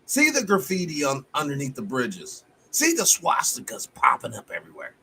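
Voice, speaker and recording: A man hosting a live stream, giving a fiery, profane, preacher-like monologue that swings between loud outbursts and low muttering. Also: wildly swooping pitch, normal speed, slight background noise.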